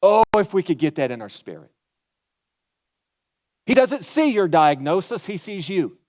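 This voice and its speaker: A man's voice: high voice, sing-song, a little slow, darkish tone. A man preaching a sermon in a conversational way, asking the crowd questions and acting out quotes. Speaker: pastor.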